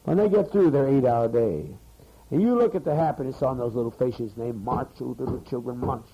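Fairly quick and with a breathy edge to his mid-range voice, the man addresses the community meeting he leads. He rambles, swears and scolds the crowd, all heard through muffled archival tape.

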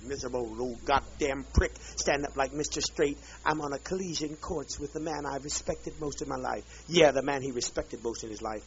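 A man's voice: mid-range voice, normal speed, creaky, hardly any pauses, a little hiss or hum. A man leading a group, ranting in a bitter, profane, drawling way. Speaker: leader addressing a group. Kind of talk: angry profane rant. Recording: dull lo-fi archive tape.

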